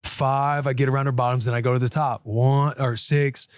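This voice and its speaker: A man in his thirties co-hosting a podcast, telling a family story in casual chat and acting out the quotes in higher voices. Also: flat delivery, moderate pace, clean tone, dry recording, clean studio sound. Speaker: podcast co-host.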